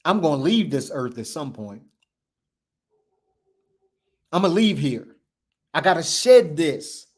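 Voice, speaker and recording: Man, host, slightly high-pitched voice, impassioned motivational talk, preacher-like repetition, emphatic, shifts between loud and hushed. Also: big pitch swings, moderate pace. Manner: swings between loud declarations and low hushed passages. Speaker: show host.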